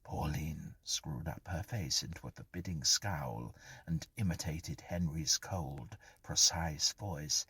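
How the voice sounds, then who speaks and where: Man, deep voice, very husky, breathy half-whisper, slow, expressive, dry close sound, horror narration. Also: no room sound. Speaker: storyteller.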